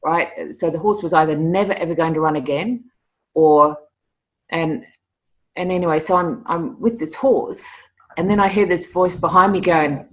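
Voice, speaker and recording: A middle-aged woman, a guest telling stories in a casual interview, lively and often repeating words as she starts a sentence. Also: fairly low pitch, moderate pace. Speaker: interview guest, animal communicator.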